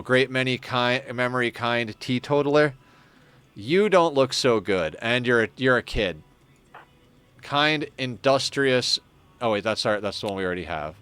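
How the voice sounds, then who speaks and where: A man's voice: medium pitch, a bit bright, clean tone. A man casually commenting on his game as he plays, chatting with viewers and thinking aloud. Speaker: streamer.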